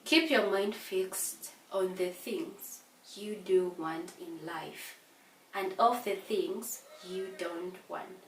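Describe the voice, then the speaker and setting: A woman with a Kenyan English accent teaching an exam revision lesson, explaining slowly and deliberately, with hesitations and repeated words. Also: on the low side, far from the mic, slight background noise. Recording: echoey room, voice away from mic.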